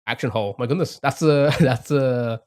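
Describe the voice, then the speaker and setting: A man's voice: medium pitch, normal speed, a little mellow. A young man streaming a game live, thinking aloud, chatting to viewers and laughing often. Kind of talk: casual live-stream commentary.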